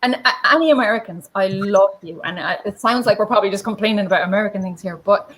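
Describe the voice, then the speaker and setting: A woman's voice: medium pitch, quick pace, a bit bright, a little hiss or hum, poor audio. A woman from Ireland with an Irish accent, chatting casually as an interview guest, laughing and acting out quotes as she goes. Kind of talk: casual conversation.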